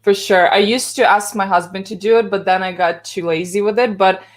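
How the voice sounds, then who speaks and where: A woman's voice: mid-range voice, fairly even intonation, fairly quick. Woman, Ukrainian accent, chatty live-stream guest, laughs a lot, video call sound. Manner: chatty, laughs often, many fillers. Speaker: guest photographer. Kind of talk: casual live-stream chat. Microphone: video call, later gaming headset.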